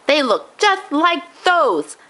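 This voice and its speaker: A woman reading a storybook aloud, voicing a fussy, distraught old grandfather with a high, wailing, indignant voice. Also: very animated, slow, bright, forceful tone, heavily acted. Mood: suspicious.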